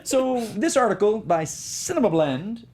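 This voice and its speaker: A man's voice: high-pitched, big pitch swings, unhurried, crowd noise. A man co-hosting a film news podcast in casual chat, rambling and correcting himself as he jokes along. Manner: rambling, self-correcting, jokey. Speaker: podcast co-host.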